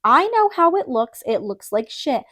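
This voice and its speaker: A sly, sulky male courier with a British accent and a smooth, mocking drawl, as a woman reader puts him on. He speaks high and bright, sliding up in pitch when he threatens. Audiobook reading. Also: very animated, a little slow, full character voice.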